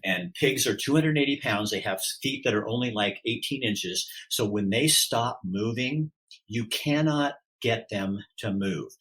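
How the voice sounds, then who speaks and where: A middle-aged man talks as a guest on a podcast, open and candid. He gets animated as he goes, acting out what others said with big jumps in pitch. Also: poor audio. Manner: animated, acts out quoted voices, pitch swings widely. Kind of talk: candid interview talk.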